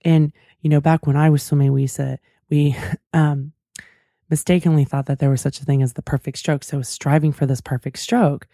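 A woman hosting a talk show tells a personal story in a chatty, reflective manner full of asides. Her low, mellow voice holds a steady tone and runs a little fast. She's a podcast host giving a casual storytelling monologue, recorded in clean studio quality with no echo.

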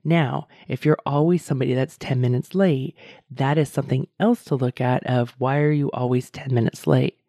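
A middle-aged woman coaching her listeners through a solo podcast episode, earnest and encouraging. Her voice is warm and low-key with a gravelly edge. It sits close on the mic in a dry, dead room. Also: fairly even intonation, moderate pace, no room sound.

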